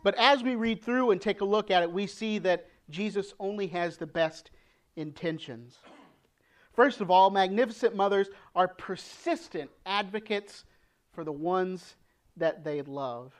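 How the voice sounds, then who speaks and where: A woman preaching a sermon, earnest, posing rhetorical questions with dramatic pauses. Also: medium pitch. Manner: acts out quoted pleas with rising emotion.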